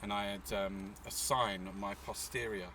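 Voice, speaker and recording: A man's voice: on the low side, steady tone, normal speed, sharp tone, far from the mic, a little hiss or hum. A man from England, an artist and activist, telling stories in a rambling, swearing, casual interview outdoors in a city. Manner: rambling, swearing, full of fillers.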